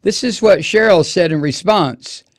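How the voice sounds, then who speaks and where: A man's voice: sits high, measured pace. A man hosting a political talk radio show, delivering an impassioned, profane and sarcastic monologue.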